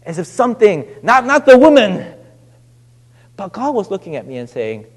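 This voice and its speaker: High-voiced man preaching in a reverberant hall. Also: very animated, breathy edge. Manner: halting, many restarts and fillers, drops to a hush on scripture. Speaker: pastor. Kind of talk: sermon. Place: church sanctuary.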